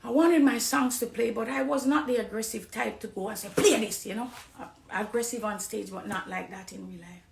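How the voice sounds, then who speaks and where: Jamaican woman, middle-aged, high voice, preachy testimony, echoey room. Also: brisk, gravelly, few pauses, a little hiss or hum. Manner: preachy, swings from hushed confiding to loud accusing. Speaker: dancehall artist on a live stream. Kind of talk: impassioned personal testimony.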